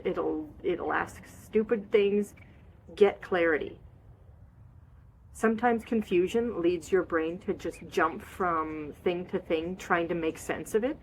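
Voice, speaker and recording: A woman with a slightly low voice gives casual wellness advice. She talks in a chatty, expressive way, sighing and making little noises to show feelings. Faint ambient hum sits behind her. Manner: chatty, repeats short phrases. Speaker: holistic wellness coach.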